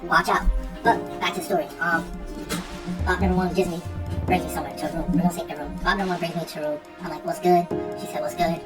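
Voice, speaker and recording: A man's voice: a little high, little pitch movement, quick pace. A young man telling a casual, rambling story full of slang and swearing, often repeating himself as he goes. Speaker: streamer. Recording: distant mic with faint music.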